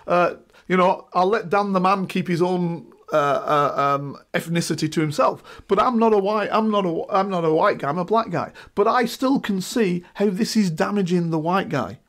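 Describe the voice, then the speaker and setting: A high-pitched middle-aged man talks at a moderate pace with few pauses. Appearing as a guest in an informal discussion, he's emphatic and animated, checking in with "right?" as he goes.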